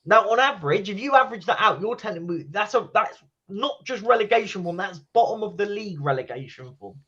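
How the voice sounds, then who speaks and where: A man's voice: sits high, expressive, fairly quick, bright, forceful tone, husky. A man debates on a football stream, his emphatic, exasperated voice swooping up and down as he makes his case. He swears openly. The stream audio sounds muffled and lo-fi. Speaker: watchalong co-host.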